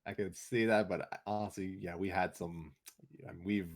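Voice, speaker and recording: A man's voice: sits low, fairly even intonation, normal speed. A man hosting a casual chat about a story reading, rambling and laughing often. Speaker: host of a story reading show.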